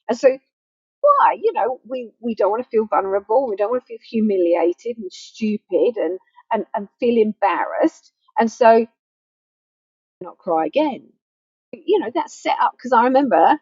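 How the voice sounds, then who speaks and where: A woman's voice: on the high side, a little mellow, slightly rough, no room sound. A woman grief counsellor giving an earnest, conversational teaching talk to camera, repeating key words for emphasis. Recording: dull faulty mic sound.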